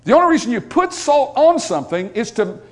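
A middle-aged male pastor delivering a sermon in a high, lively voice that rises and falls constantly. He mixes folksy jokes aimed at the congregation with loud, emphatic declarations, then drops back to quiet asides. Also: fairly quick. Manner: swings from soft asides to loud emphatic points.

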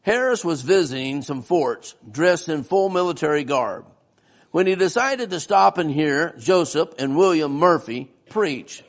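A man's voice: fairly high pitch, lively intonation, measured pace. A man preaching a sermon-style history lesson in a church, folksy and often asking the congregation questions.

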